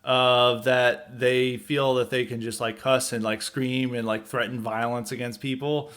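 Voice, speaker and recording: A man's voice: mid-range voice, level tone, measured pace, a bit bright. A man hosting a podcast, talking through a story in a rambling, scornful monologue full of "like" fillers. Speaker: podcast host. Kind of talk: casual commentary monologue.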